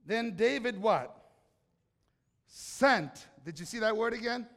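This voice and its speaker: A man's voice: high-pitched, lively intonation, normal speed, a bit bright, in a large hall. A man preaching a sermon in a conversational, joking way, often tossing questions to the congregation. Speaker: pastor.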